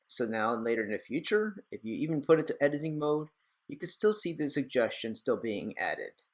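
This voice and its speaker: A young man talks through a software tutorial in a loose, chatty way, wandering off into small asides and jokes about his own slip-ups. His voice sits at an ordinary middle pitch for a man. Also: sing-song, moderate pace. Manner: chatty, rambling, self-deprecating asides. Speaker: tech tutorial host. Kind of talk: casual screen-recorded tutorial.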